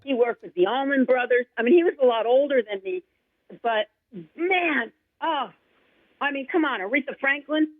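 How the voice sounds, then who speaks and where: A woman's voice: high-pitched, fairly quick, dry recording. Gushing woman on a tinny phone line. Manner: gushing, rambling, excitable. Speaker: guest singer-songwriter. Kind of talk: casual interview chat.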